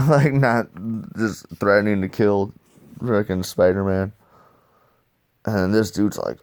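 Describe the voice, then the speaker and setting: Low-voiced man rambling about comics. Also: slow pace, dry recording, clean studio sound. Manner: profane, excitable, sound effects and acted-out dialogue. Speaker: comic book reviewer. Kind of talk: casual rambling commentary.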